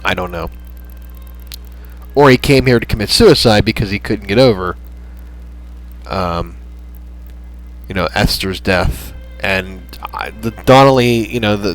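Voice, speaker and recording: A man hosting a gaming channel, chatting in a rambling, halting way with lots of fillers as he wraps up a playthrough. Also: on the low side, poor audio. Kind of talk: casual gameplay commentary. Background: soft background music.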